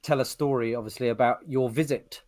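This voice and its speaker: A man's voice: mid-range voice, brisk, crowd noise. A man co-hosting a podcast, telling rambling stories in casual chat and acting out the lines he quotes. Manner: rambling storyteller, animated retelling of quotes. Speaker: podcast co-host.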